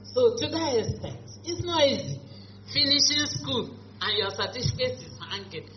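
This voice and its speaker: Young woman, high voice, animated storyteller, echoey lo-fi room. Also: normal speed. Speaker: beneficiary giving testimony. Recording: echoey room, dull lo-fi audio, faint hum.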